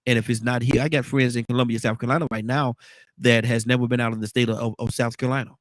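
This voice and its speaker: A congested man with a baritone voice hosting a casual morning talk show, rambling and repeating his words. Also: level tone, rapid-fire, no room sound. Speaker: radio show host.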